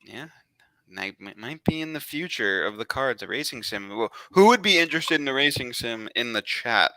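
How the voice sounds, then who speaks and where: Bright-voiced New York host. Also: male voice, medium pitch, moderate pace, no room sound. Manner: relaxed, reads chat questions. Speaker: stream host. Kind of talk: casual livestream chat.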